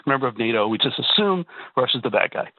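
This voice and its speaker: A man's voice: medium pitch, expressive, fast talker, no echo. A man from Canada calling in to a radio talk show, talking emphatically with repeated words and rhetorical asides. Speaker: caller. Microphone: telephone. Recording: tinny phone line.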